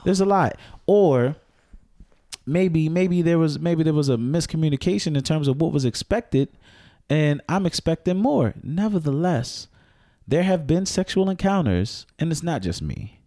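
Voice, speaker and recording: A man in his thirties with a fairly high voice tells playful, frank stories in a relaxed podcast chat. The sound is dry and close, with no room echo, and he keeps pressing on with his story. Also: unhurried. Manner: joking, storytelling, keeps asking to finish. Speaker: podcast co-host. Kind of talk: casual chat.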